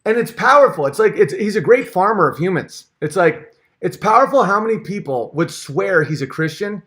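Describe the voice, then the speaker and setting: A man's voice: high voice, lively intonation, normal speed, fairly bright tone. A man hosting his own channel, ranting in a heated, sarcastic, profane way, with rambling restarts and asides. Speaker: channel host. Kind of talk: comedic rant vlog.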